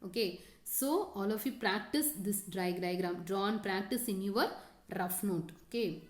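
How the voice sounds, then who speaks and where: In a roomy-sounding recording, a woman school teacher with a medium-pitched voice teaches science a little slowly. Her lesson is full of "okay," repeated key terms and questions, and directions to underline words and draw diagrams.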